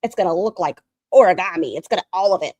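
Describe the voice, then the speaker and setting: A woman's voice: on the low side, fast talker, no room sound. A woman hosting a casual livestream, reacting animatedly, swearing freely and often laughing. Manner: animated, profane, frequently breaks into laughter. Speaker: livestream host.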